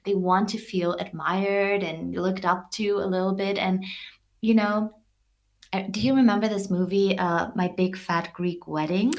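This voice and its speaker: A woman's voice: mid-range voice, steady tone, measured pace. A woman co-hosting a casual podcast chat, speaking thoughtfully and hesitantly, with many fillers. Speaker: podcast co-host.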